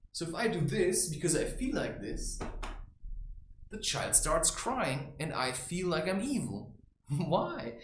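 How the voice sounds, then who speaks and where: A man sharing spiritual advice rambles through a blunt, profane monologue, peppering it with "right?" and "you know." His fairly high voice swoops up and down, heard in a roomy, echoey space with faint ambient noise.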